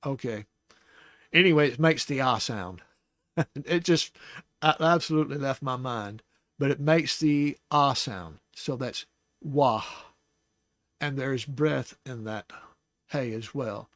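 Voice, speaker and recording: A man hosting a Bible study, teaching casually and thinking aloud, with restarts and soft laughs. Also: mid-range voice, unhurried, no echo.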